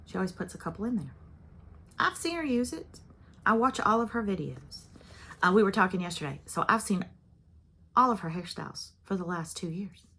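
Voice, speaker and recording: A woman's voice: medium pitch, big pitch swings, moderate pace, long pauses, pushed and bright, breathy edge. A woman in her fifties hosting a cross-stitch channel, talking casually and chattily to her viewers and rambling with frequent little laughs.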